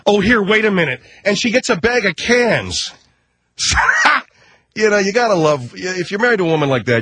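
A man's voice: high-pitched, big pitch swings, a little fast, pushed and bright, husky. A middle-aged man hosting a comedy radio show, joking wryly and bickering with exasperation. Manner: wry, exasperated banter.

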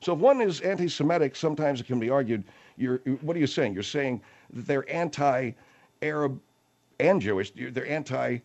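Animated, exasperated male radio host. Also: mid-range voice, normal speed, lo-fi sound. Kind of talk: comedic radio bit.

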